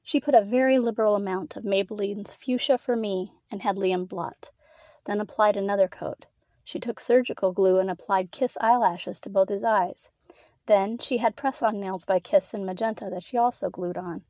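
A woman narrating a scripted erotic story in an even, measured reading. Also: mid-range voice, dry recording, dull audio.

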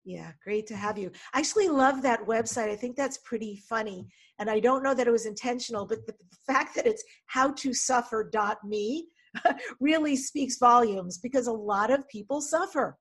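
A woman hosting an interview show, upbeat and quick to laugh. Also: fairly high pitch, breathy edge. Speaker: podcast host.

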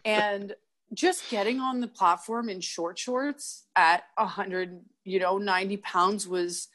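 A young woman from Canada, chatting as an interview guest. She tells her stories with plenty of life, slipping into quoted voices and laughing as she goes. Her pitch sits in a middle register. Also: slow pace. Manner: animated storyteller, acts out quotes, laughs often. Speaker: guest, kettlebell athlete. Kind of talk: casual interview chat.

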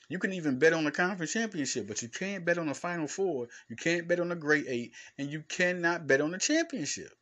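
A man hosting a solo sports podcast as a basketball analyst, talking in an animated, emphatic way with slangy phrasing and frequent stammered restarts. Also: a little high, a little fast, hardly any pauses, muffled recording. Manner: informal slangy speech, addressing fans directly. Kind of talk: casual solo podcast talk.

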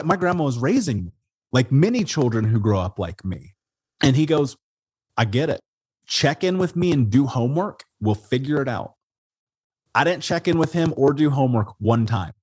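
A man from Indiana, an interview guest, telling his life story in a casual, animated way, swearing and calling people "dude" and "man". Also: mid-range voice, breathy edge, no room sound. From Indiana, USA.

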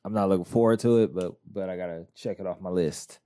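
A man co-hosting a podcast in casual chat, telling rambling, animated stories. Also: low-pitched, fast, no echo, studio quality. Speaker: podcast co-host.

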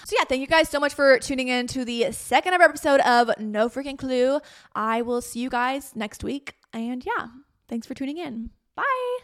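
A young woman in her twenties hosting her own podcast, talking in a chatty, candid way with bursts of loud playful emphasis. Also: high-pitched, moderate pace. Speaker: podcast host. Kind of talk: casual solo podcast talk.

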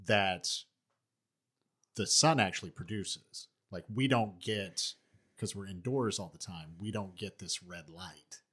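Laid-back, husky-voiced male podcast host. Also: low voice, slow pace, a bit bright. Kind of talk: casual podcast chat.

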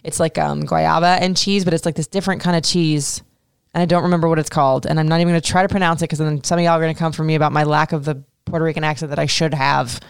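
A woman's voice: low-pitched, fairly even intonation, fast, gravelly, clear, resonant tone, no room sound, studio quality. A woman in her thirties hosting a podcast, chatting casually through listener questions with lots of fillers and casual swearing. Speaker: podcast host.

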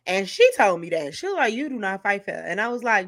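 A woman's voice: mid-range voice, very animated, brisk. A woman hosting a casual podcast chat, talking bluntly and animatedly.

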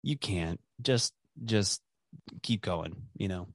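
A man's voice: low voice, takes it slowly, dry recording. A man hosting a podcast, talking casually and rambling with many fillers and restarts, swearing now and then. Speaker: podcast host. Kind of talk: casual conversation.

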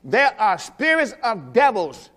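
High-pitched preacher man in a reverberant hall. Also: huge pitch swings, measured pace, bright, forceful tone. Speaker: pastor. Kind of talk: sermon. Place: church during a Sunday service. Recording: long reverb from a church hall.

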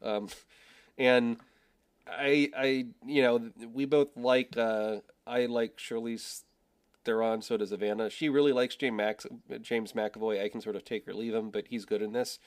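A man hosting a podcast, talking casually about films in a halting way, often trailing off quietly. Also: medium pitch, steady tone. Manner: halting, with many fillers and restarts, trailing off quietly. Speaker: podcast host. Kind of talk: casual film chat.

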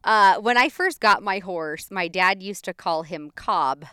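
A young woman, telling a story in a casual, animated way and laughing often. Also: mid-range voice, unhurried, smooth, dry recording.

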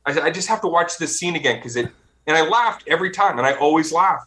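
A man in casual podcast chat, telling rambling, animated stories with some casual profanity. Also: a little high, fast.

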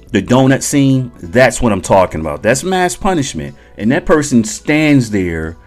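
Animated, profane army veteran storyteller. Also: male voice, lowish voice. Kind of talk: casual storytelling podcast.

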